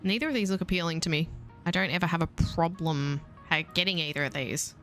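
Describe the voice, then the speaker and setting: Woman, Australian accent, casual let's-play commentary, self-mocking and chatty, fairly low voice. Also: fast, a bit bright, faint music behind. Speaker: streamer.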